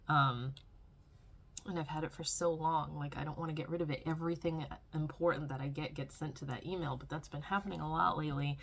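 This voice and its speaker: A woman's voice: deep voice, creaky. A young adult woman vlogging at home, rambling and complaining in a casual diary style with lots of filler words.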